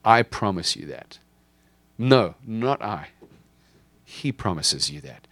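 Male pastor, low voice, dry sound, emphatic sermon delivery with repeated refrains. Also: no echo. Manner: emphatic preaching, repeats key lines for the congregation.

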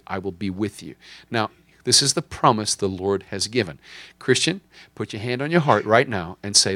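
Male pastor, low voice, dry sound, emphatic sermon delivery with repeated refrains. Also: fairly bright tone, no echo. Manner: emphatic preaching, repeats key lines for the congregation.

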